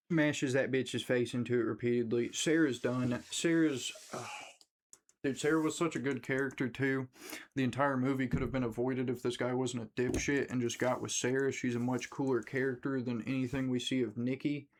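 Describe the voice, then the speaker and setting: Young man, movie rant, casual, profane, rambling, mid-pitched. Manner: rambling and profane, mimics characters in quick asides. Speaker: movie reviewer.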